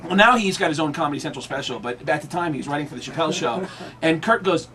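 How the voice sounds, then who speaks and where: A man's voice: on the high side, expressive, rapid-fire, fairly bright tone, slight background noise. Chatty comedian man spinning yarns. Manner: chatty, breezy storyteller with frequent fillers. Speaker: comedian guest. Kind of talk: telling stories in a radio interview.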